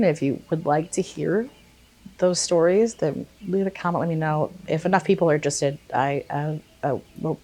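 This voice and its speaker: In a low voice, a young woman vlogger shares a personal anecdote in a relaxed, energetic way. She drops swear words freely and voices the quotes herself.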